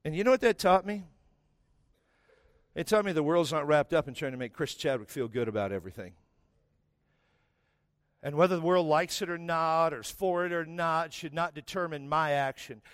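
A man's voice: fairly high pitch, normal speed, long pauses, clear, resonant tone, no room sound, clean studio sound. A middle-aged man, a pastor, preaching a sermon with humorous personal stories that build to emphatic exhortation. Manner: storytelling, self-mocking, rising to emphatic preaching.

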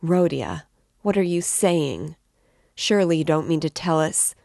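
A woman's voice: low-pitched, unhurried, darkish tone, no echo, studio quality. A woman voicing an anxious, tearful mother who pleads timidly. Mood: pleading.

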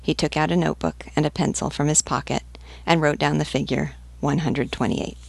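A woman reading a novel aloud in a measured, even manner. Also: low-pitched, gravelly, breathy edge, no room sound. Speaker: book reader. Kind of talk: audiobook reading.

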